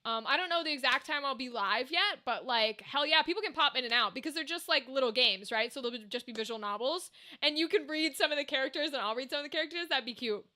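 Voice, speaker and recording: A woman's voice: sits high, expressive, quick pace, few pauses, bright, forceful tone. A young woman streaming, chatting casually and rambling to her viewers, humming and singing little tunes to herself between thoughts. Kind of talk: casual live-stream chat.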